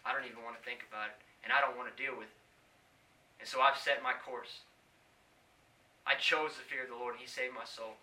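A man preaching a sermon, swinging from hushed pleading to loud shouting. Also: mid-range voice, fairly even intonation, fairly quick, long pauses.

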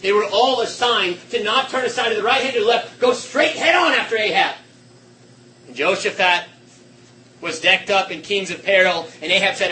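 Impassioned high-voiced male preacher. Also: moderate pace, rough recording. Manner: impassioned, swinging between shouts and hushed tones. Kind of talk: sermon.

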